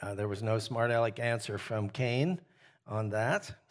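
A man leading a Bible study, teaching in a relaxed conversational way, often pausing with "uh" and putting questions to his listeners. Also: fairly low pitch. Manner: asks the group questions, frequent "uh" fillers.

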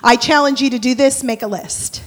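A woman with a high, light voice preaches a sermon in a church. She is expressive, swinging from bright, loud bursts down to hushed prayer. Her words ring out with a long hall reverb. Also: moderate pace. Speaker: church speaker. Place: church sanctuary.

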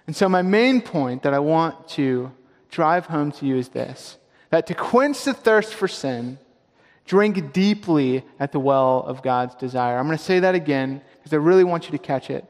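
A man with a fairly high voice preaches a sermon in a church sanctuary, pressing hard on his main points. He slows down and repeats the key lines so they land. Long reverb from the big hall trails each phrase. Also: expressive. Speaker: pastor.

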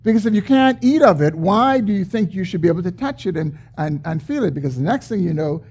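A man preaching a sermon, explaining a scripture passage with emphatic, drawn-out stresses. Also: high-pitched, lively intonation, darkish tone, breathy edge. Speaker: pastor.

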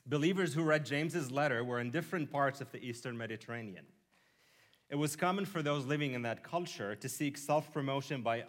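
A man delivers a sermon at a moderate pitch, drawing listeners in with humorous everyday scenes. His preaching moves between wry asides and earnest teaching. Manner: humorous, vivid storytelling with asides. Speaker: pastor.

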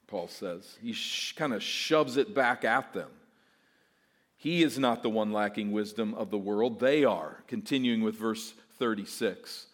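A pastor preaching an expository sermon, emphatic and voicing imagined objections. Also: male voice, mid-range voice, a little slow. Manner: emphatic, voices mock objections.

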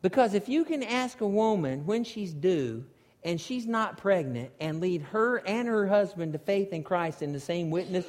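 A man preaching a sermon, telling a story with animated energy and climbing almost to shouts at its peaks. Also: sits high, moderate pace. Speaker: pastor. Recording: long hall reverb.

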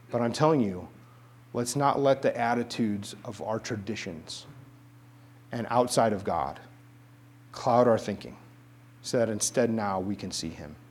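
A middle-aged man preaching a sermon, mixing a humorous personal story with quiet, emphatic repetition. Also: lowish voice, breathy edge.

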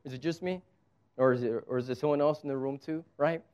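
A man's voice: on the high side, fast talker, a little mellow, clear, resonant tone. A man preaching a sermon as pastor, conversational and emphatic, with touches of humor.

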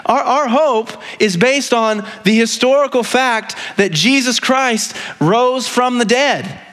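A man's voice: very high voice, slow pace, a bit bright. A male pastor giving a conversational sermon, earnest and often asking the congregation "right?". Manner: conversational, frequently asks "right?"; earnest, with repeated restarts.

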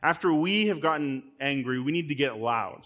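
A man's voice: on the high side, animated, normal speed, a bit bright. A man giving a sermon as a guest pastor. He preaches conversationally, speaks straight to his listeners, and often repeats words as he restarts. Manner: frequent word repeats and restarts.

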